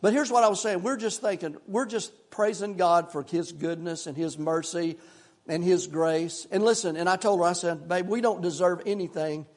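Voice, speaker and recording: Older guy pastor preaching, kinda high voice, fired up then quiet and homey. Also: moderate pace. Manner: impassioned, repetitive preaching cadence that swings between loud and hushed; folksy storytelling asides. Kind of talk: sermon.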